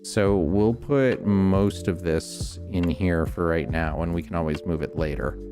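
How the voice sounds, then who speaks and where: A man streaming a game, calmly explaining each step as he builds and thinking aloud. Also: sits low, unhurried, over music. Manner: relaxed, many ums and restarts. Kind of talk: casual gameplay commentary.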